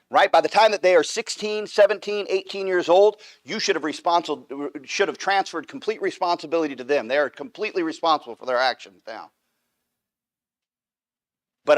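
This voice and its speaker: Guy teaching sunday bible class, pushy and emphatic, kinda high voice, lots of "right?". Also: a bit bright. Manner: emphatic, repeats points with "right?". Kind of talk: church teaching. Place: church room.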